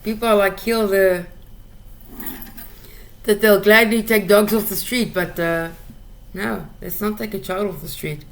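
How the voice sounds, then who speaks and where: Woman host, solo rant, blunt and foul-mouthed, mid-pitched voice, stumbles and repeats when worked up. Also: fairly even intonation, unhurried, pauses often. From South Africa. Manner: blunt, profane, repeats words when heated. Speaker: podcast host ranting solo. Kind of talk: casual monologue rant.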